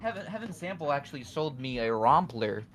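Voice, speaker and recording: A man's voice: fairly high pitch, very animated, a little fast, slight background noise. A young man, a guest music producer, chatting candidly on a podcast and rambling with lots of fillers. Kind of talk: casual podcast chat.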